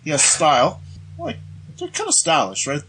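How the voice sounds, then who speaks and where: A man's voice: on the high side, wildly swooping pitch, normal speed, pushed and bright, a little hiss or hum. A man as podcast guest in casual chat, playful and jokey. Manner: playful, puts on silly voices in quoted bits.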